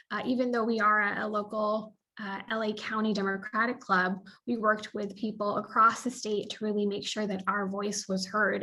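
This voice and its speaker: A woman giving a speech of thanks at a virtual celebration over a video call, with many small pauses and fillers. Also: mid-range voice, sharp tone. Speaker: local club representative.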